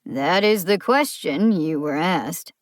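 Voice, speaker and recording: A gruff male cop questions a driver in clipped, flat phrases, as a woman reading an audiobook plays him. His delivery is slow and unhurried, and the recording is close and dry. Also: lowish voice, dry recording.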